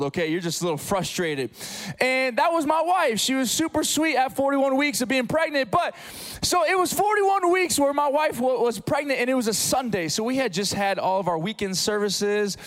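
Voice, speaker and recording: High-voiced man preaching a lively sermon. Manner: animated storytelling, swinging from hushed to loud. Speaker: pastor. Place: church sanctuary.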